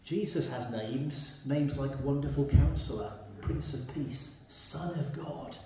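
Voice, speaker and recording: A man's voice: medium pitch, slow, warm tone, a little hiss or hum. A man preaching a sermon in a church and reading from the Bible, emphatic and repeating his key points. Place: church hall. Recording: very echoey room.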